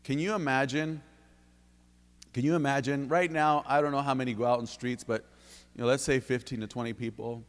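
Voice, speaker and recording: A man preaching a sermon in a church, fervent, dropping to low intimate tones and then rising to loud bursts. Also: steady tone, brisk, big-room sound. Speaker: lay preacher giving testimony. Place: church sanctuary.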